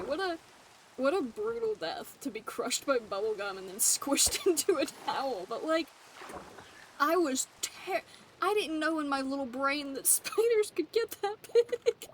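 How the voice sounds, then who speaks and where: A woman's voice: high voice, lively intonation, a little slow, a little hiss or hum. A young woman streaming a game and telling a childhood story in a casual, chatty way, often laughing as she talks. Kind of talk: casual storytelling while gaming.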